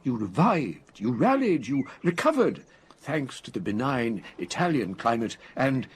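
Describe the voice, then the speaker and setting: An actor playing a well-spoken elderly English expatriate in a radio comedy, eager and explanatory. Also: male voice, medium pitch, sing-song, unhurried, slight background noise. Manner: polished, eager, lecturing.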